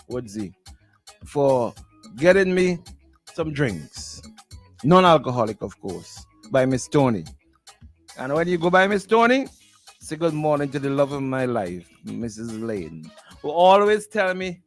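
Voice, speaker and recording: High-voiced man teasing on air. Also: expressive, normal speed, soft background music. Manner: teasing, repeats himself, laughs often. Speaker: radio host. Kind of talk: animated morning-show storytelling.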